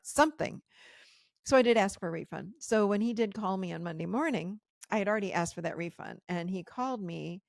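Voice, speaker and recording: Middle-aged female podcast host, low gravelly voice, candid storytelling with quoted dialogue, dry close sound. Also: no room sound. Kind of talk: personal storytelling.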